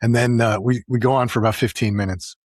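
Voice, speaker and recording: A male podcast host spins a story in an easy, conversational way, often doubling back mid-sentence. His voice sits at a middling pitch with a slightly husky grain. The sound is close and dry, with no room around it. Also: quick pace, no room sound. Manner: animated anecdote-telling with frequent restarts. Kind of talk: casual storytelling.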